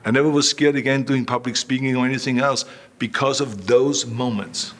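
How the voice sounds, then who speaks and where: A man's voice: medium pitch, fairly even intonation, brisk, a little hiss or hum. Austrian guy in his 60s, german native, guest telling stories, punchy, repeats himself. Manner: emphatic, repeats phrases, acts out quotes. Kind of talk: storytelling interview.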